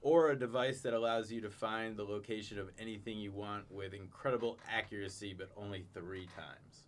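A man's voice: lowish voice, steady tone, brisk, a little hiss or hum. A man hosting a casual podcast chat, laid back, laughing often and reading out questions. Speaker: podcast host.

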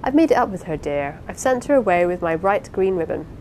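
A woman reading the part of an impulsive, warm-hearted young wife in an audiobook, with an eager, pleading, apologetic manner. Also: lowish voice, big pitch swings, brisk, slight background noise, poor audio. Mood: anxious.

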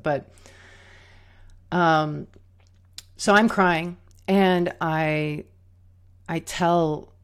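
A woman's voice: low-pitched, vocal fry. A woman who teaches tango, telling a candid personal story in a reflective way, with fillers and restarts.

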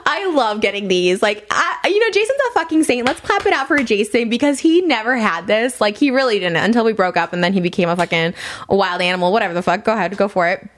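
A woman's voice: medium pitch, expressive, fast talker. A woman hosting a casual podcast, talking bluntly with lots of swearing and rambling restarts as she reacts to messages she reads aloud. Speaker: podcast host.

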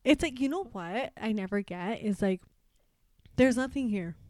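A woman's voice: medium pitch, expressive, normal speed, a little mellow, no echo, studio quality. A woman in her twenties from Canada, chatting casually and rambling through a story with lots of fillers and swearing. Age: 20s. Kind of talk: casual chat.

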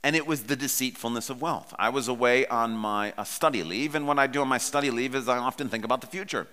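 A man's voice: medium pitch, fast, bright, forceful tone, in a large hall. A pastor in his forties preaching a sermon in a conversational, personal storytelling way.

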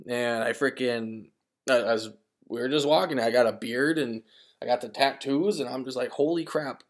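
A young man in his mid-twenties hosts his podcast alone and tells stories in a loose, rambling way. He trips over his words, repeats himself, and slips into quick voices for the people he quotes. His pitch sits in an ordinary middle range for a man. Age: 20s. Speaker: podcast host. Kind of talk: casual solo storytelling.

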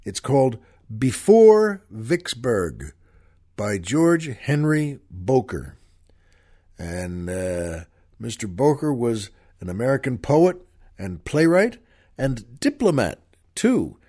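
A man's voice: medium pitch, sing-song, takes it slowly, darkish tone, slightly rough. A man hosting a show, chatting folksily with listeners and introducing a poem and a film. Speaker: radio show host. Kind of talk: folksy show talk and poetry reading.

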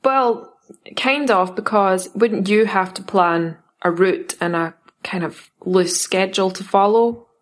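A woman's voice: medium pitch, slow. A woman with a Scottish accent co-hosting a podcast in casual chat, teasing and skeptical. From Scotland. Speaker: podcast co-host.

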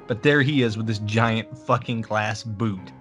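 A man's voice: lowish voice, a little slow, a bit bright, soft background music. A man co-hosting a casual movie podcast, adding dry, joking comments. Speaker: podcast co-host.

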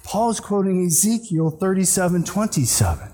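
A man's voice: high-pitched, animated, normal speed, dark tone. A male pastor preaching a sermon, asking the congregation questions and answering them himself. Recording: long hall reverb.

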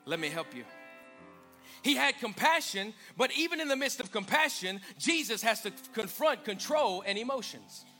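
A man's voice: high voice, very animated, moderate pace, bright, forceful tone, faint music behind. A male pastor preaching a sermon in a church, driving points home with rhetorical questions and emphatic repetition.

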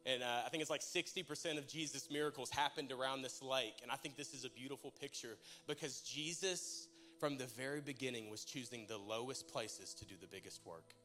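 A man's voice: mid-range voice, a bit bright. A young man preaching, telling a personal story and praying, emotional and conversational with stumbling restarts. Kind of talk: sermon with personal testimony and prayer.

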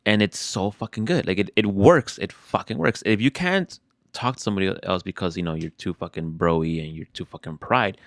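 A man's voice: low voice, brisk, no room sound, studio quality. A young adult man in casual chat, talking frankly and profanely about feelings, often restarting his sentences.

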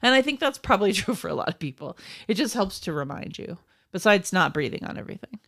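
A middle-aged woman co-hosting a podcast, chatty and quick to laugh, often correcting herself mid-sentence. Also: medium pitch, very animated, a bit bright, no room sound, studio quality. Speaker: podcast co-host. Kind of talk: casual chat.

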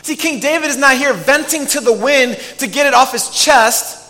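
Bright-voiced man preaching in a reverberant hall. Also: very high-pitched, normal speed. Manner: earnest, pleading, swings from loud emphasis to hushed lines. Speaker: pastor. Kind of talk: sermon.

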